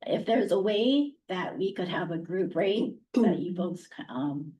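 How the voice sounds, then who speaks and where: A hoarse woman who directs a preschool speaks up at a public meeting in a somewhat low voice. She talks in an earnest, chatty way. She sounds set back from the microphone. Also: animated, measured pace, warm tone, lo-fi sound. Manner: earnest, chatty, laughs lightly. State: losing her voice. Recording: distant mic.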